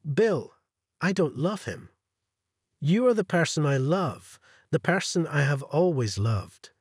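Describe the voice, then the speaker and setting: A cheating wife caught out, begging in a husky voice with lively rises and falls in pitch, as a male story narrator puts her on. The read is close and dry, like an audio story told straight to the listener. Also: slow, no room sound, full character voice. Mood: pleading.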